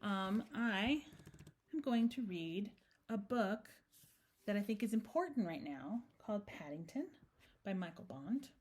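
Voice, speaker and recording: A woman's voice: medium pitch, expressive, measured pace, a little mellow. A woman hosting a storytime, reading a picture book aloud with chatty, playful asides. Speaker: storytime host.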